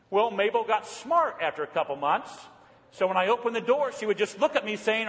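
A male pastor delivers a sermon in a high voice, mixing folksy, homespun stories with earnest, quiet appeals. The sound rings with the long reverb of a large hall. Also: lively intonation, normal speed. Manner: storytelling, folksy, dropping low for earnest points.

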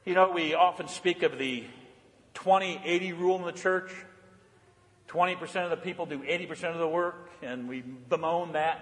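A man preaching a sermon as pastor, swinging between loud emphatic lines and soft, hushed ones. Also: a little high, in a large hall.

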